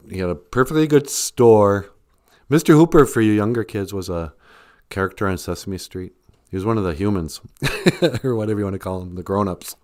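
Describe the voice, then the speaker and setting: A man's voice: lowish voice, a little mellow. A man hosting a casual live stream, rambling and joking while he reads out viewer comments.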